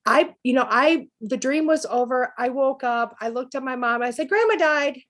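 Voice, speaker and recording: A middle-aged woman, a psychic medium guest, telling personal stories in a lively, chatty way. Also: on the high side, moderate pace. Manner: lively anecdotal telling with laughs. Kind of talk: storytelling interview chat.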